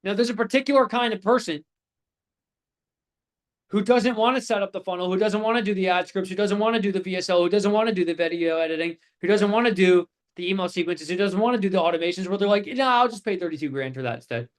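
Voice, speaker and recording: A man in his late twenties teaching a live online class, talking casually with swearing and animated storytelling. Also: high voice, quick pace. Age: 20s. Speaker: course instructor.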